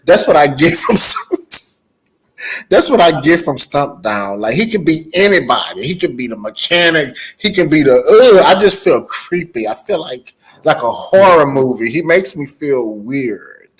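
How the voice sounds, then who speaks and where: A man in a casual chat, telling stories in an animated, profane way. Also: on the high side, measured pace, husky. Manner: animated, profane storytelling with frequent laughter.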